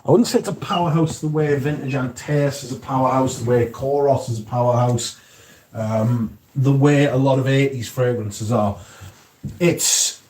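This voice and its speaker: A man's voice: medium pitch, a little mellow, breathy edge. A man hosting a casual livestream, reading viewer comments aloud and answering them, swearing casually. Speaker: livestream host reading chat.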